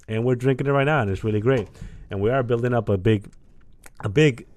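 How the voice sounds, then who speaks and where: A man's voice: medium pitch, fairly quick, darkish tone, dry recording. A young man co-hosting a podcast in loose, rambling casual chat, often repeating himself. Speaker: podcast co-host.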